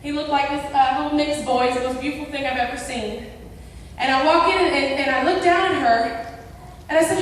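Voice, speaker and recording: A middle-aged woman from the United States giving a personal testimony to a church audience, telling her story with animated delivery and acting out quotes. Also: high-pitched, a little fast, slight background noise. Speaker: guest speaker. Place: large indoor event hall. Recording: echoey hall picked up from far off.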